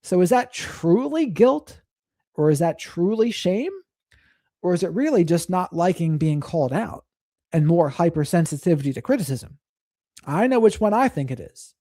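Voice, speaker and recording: A man's voice: high-pitched, animated, moderate pace, dark tone, dry recording, clean studio sound. A man hosting a live stream, commenting on clips in a reflective way and reading and thanking viewers from the chat.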